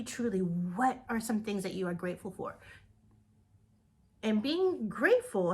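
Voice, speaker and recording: A woman giving an upbeat motivational talk to her direct sales team, repeating words for emphasis. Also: medium pitch.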